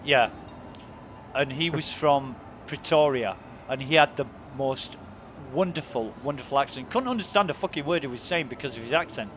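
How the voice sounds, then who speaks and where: A man's voice: mid-range voice, normal speed, fairly bright tone, a little hiss or hum. A man chatting casually and enthusiastically while streaming a game, swearing freely. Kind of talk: casual chat while gaming.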